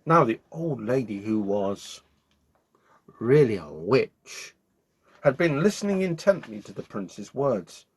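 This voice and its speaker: Husky, animated male storyteller. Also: mid-range voice, takes it slowly. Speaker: storyteller host. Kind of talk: reading a children's bedtime story aloud.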